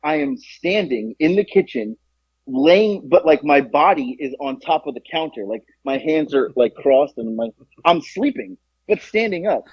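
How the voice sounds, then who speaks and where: A young man co-hosting a podcast, telling a story in a casual, animated way and acting out the quotes. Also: normal speed, slightly rough, dry recording. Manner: animated, acts out quotes with jumps in pitch. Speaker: podcast co-host. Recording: dull lo-fi, dry.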